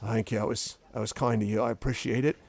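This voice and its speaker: Guy doing a jittery grateful dwarf, stammers a lot, voice pushed up higher. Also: level tone, creaky, a little mellow, slightly rough, no room sound. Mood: nervous thanks. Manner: stammering and halting. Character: grateful, nervous male dwarf.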